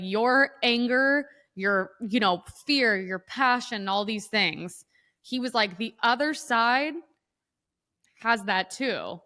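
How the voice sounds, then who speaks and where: A woman's voice: a little high, bright, forceful tone. A woman co-hosting a podcast, telling heated stories in casual political chat, profane and emphatic. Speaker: podcast co-host. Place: Los Angeles.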